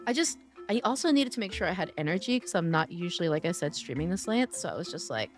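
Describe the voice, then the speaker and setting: A woman's voice: lowish voice, animated, fast talker. Woman, live game streamer, casual chatty teasing, strained voice, faint music behind. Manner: chatty, teasing, answers chat by name. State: losing her voice.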